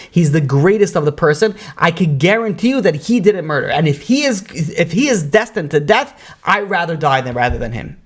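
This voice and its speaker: A man delivering a Torah lecture as a rabbi, telling a parable with animated delivery. He jumps into the characters' voices and scatters "you know, like" through his talk. His voice sits a bit higher than most men's. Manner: animated storyteller, acts out quoted characters with rising pitch; frequent fillers like "you know, like".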